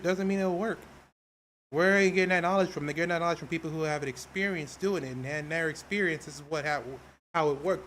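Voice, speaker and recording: A man's voice: a little high, fairly bright tone, slight background noise. A man livestreaming while a game downloads, chatting casually, rambling and restarting his sentences, and greeting viewers in chat. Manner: rambling, repeats himself, restarts phrases.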